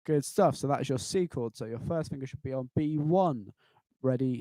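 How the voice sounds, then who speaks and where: A man's voice: mid-range voice, normal speed, mellow. A man teaching a live online guitar lesson, patiently walking students through chords and cheering them on. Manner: encouraging, patient, counts students in; chants rhythm syllables in time. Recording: guitar playing behind voice. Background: acoustic guitar.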